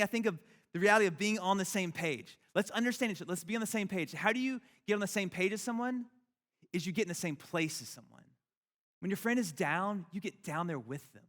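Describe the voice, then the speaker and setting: A man preaching a sermon as a pastor, animated and conversational, repeating his phrases. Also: high voice. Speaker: youth pastor. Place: church hall. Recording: echoey hall.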